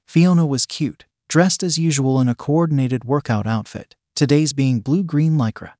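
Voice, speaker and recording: A man narrating a story with steady, even scripted reading. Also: on the high side, moderate pace, few pauses, no room sound, clean studio sound.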